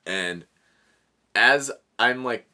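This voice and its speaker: A man's voice: mid-range voice, very slow, pushed and bright. A man in his thirties casually telling a long story, laughing often and swearing freely.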